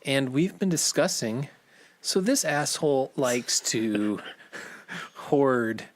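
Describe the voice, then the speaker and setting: Slow-talking male podcast co-host. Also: medium pitch, lively intonation, dry recording. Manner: rambling, laughs often, restarts phrases. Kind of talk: casual chat. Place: home basement.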